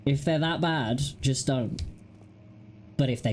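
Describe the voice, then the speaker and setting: A woman's voice: extremely low pitch, slow, a little mellow, a little hiss or hum. A woman hosting a gaming video, chatting casually and giggling with wry asides as she plays. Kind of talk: casual let's-play commentary.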